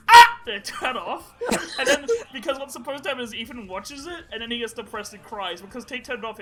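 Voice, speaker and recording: A very high-pitched male voice comes through a very noisy recording. He co-hosts a podcast, telling stories in a casual, rambling chat loaded with swearing.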